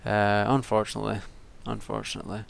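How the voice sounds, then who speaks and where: A man's voice: fairly low pitch, completely flat delivery, quick pace, gravelly, clear, resonant tone. A young man giving casual, rambling solo commentary, with frequent ums and restarts. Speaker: wrestling vlogger.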